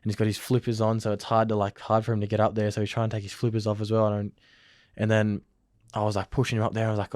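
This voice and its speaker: A man's voice: on the low side, monotone, fast, a little mellow, dry recording, studio quality. A young Australian man telling a story in a casual interview, rambling with lots of filler words. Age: young adult. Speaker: interview guest, rugby league player.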